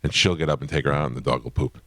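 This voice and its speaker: A man hosting a radio show, telling stories in wry, deadpan banter. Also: extremely low pitch, rapid-fire, vocal fry, a little hiss or hum. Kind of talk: casual studio banter. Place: radio studio.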